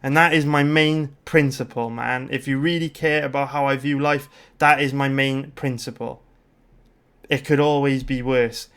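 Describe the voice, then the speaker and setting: A British man in his thirties talks on a livestream in a smooth, clear voice at an ordinary middle pitch. He rambles through his story with lots of fillers, restarts and swearing, in a loose, casual chat. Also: fairly even intonation, normal speed, a bit bright. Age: 30s. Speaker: livestream host.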